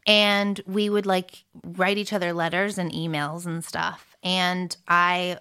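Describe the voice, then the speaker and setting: A woman's voice: on the low side, level tone, takes it slowly, bright, forceful tone, smooth. An American woman musician talking casually in an interview, chatty and full of fillers, laughing often. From United States. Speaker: musician guest.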